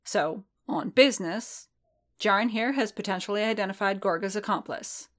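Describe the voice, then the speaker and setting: Reading a story aloud in a natural, mid-range voice, a woman takes on the role of a cool, sharp-tongued female mercenary who speaks briskly and bluntly.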